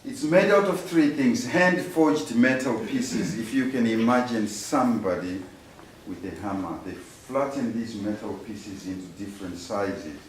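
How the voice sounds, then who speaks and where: A Shona-speaking man with a mid-range voice patiently teaches a music workshop at an unhurried pace, demonstrating and leading the group in repeating words after him in call-and-response. The recording, made from a distance in an echoey workshop room, has a little hiss or hum.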